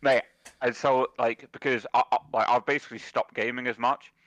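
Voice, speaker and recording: A man's voice: mid-range voice, a little fast. Ranting young man swearing hard. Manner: animated ranting, heavy swearing, repeats "mate" and "bruv". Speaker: podcast co-host. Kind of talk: casual chat. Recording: dull dry recording.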